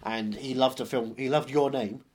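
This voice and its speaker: A man's voice: mid-range voice, steady tone, moderate pace, a little mellow. A man co-hosting a podcast, chatting about films in a dry, sarcastic, joking way. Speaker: podcast co-host. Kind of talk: casual film chat.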